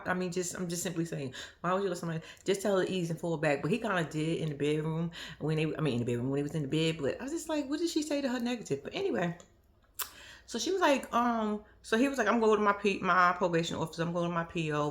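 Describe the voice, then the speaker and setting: A woman's voice: lowish voice, fast talker. A young woman vlogger giving casual, profane commentary on a reality show, laughing often and acting out what people said. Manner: animated, profane, laughs often, acts out quotes. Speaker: reaction vlogger.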